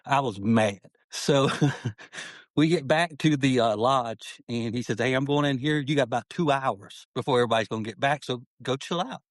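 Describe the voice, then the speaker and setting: A man's voice: medium pitch, moderate pace, no room sound. A middle-aged man telling his life story as a podcast guest, earnest and heartfelt, often saying "man" as he talks. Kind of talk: personal storytelling in an interview.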